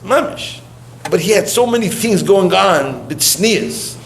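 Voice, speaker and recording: A man's voice: sits high, expressive, measured pace, creaky. A man giving a eulogy through chatty personal stories, laughing often and sprinkling in Yiddish and Hebrew words. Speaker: eulogy speaker. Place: gathering room during mourning visits. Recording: roomy hall with faint noise.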